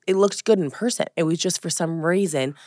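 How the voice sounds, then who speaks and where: A young woman co-hosting a podcast in casual chat, an animated storyteller who acts out quotes. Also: lowish voice, fairly quick, no room sound, clean studio sound. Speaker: podcast co-host.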